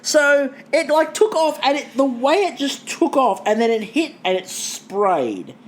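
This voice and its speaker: Woman podcast co-host, casual chat, lively swooping pitch, faint hiss. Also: unhurried. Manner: animated storytelling with acted-out quotes.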